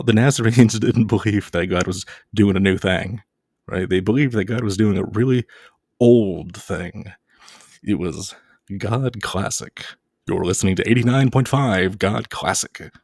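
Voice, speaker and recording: A man's voice: on the low side, darkish tone, no room sound, clean studio sound. A man giving a casual video lecture, dropping playful jokes and mock-scary asides.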